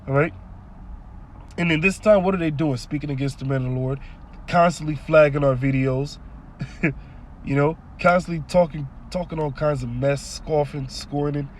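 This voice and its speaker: A man's voice: a little high, normal speed, a little mellow, slight background noise. Emphatic man preaching scripture. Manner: reads verses aloud then breaks them down, emphatic. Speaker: scripture teacher.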